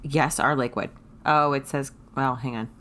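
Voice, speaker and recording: A woman's voice: very deep voice, fairly even intonation, normal speed, fairly bright tone. A woman co-hosting a book club podcast, chatting casually and reassuring her friend. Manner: supportive, reassuring. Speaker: podcast co-host. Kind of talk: casual chat.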